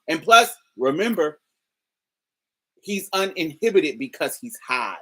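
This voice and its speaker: A woman's voice: sits low, big pitch swings, unhurried, bright, forceful tone. A woman telling a personal story in a candid, casual way, swearing freely and laughing often. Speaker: storyteller host.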